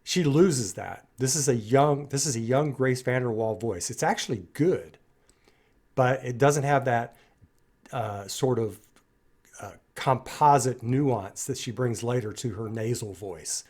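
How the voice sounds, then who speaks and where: A man hosts a casual music reaction video, talking straight to his viewers. He sounds enthusiastic and admiring, with a relaxed, conversational delivery. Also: mid-range voice, unhurried, breathy edge.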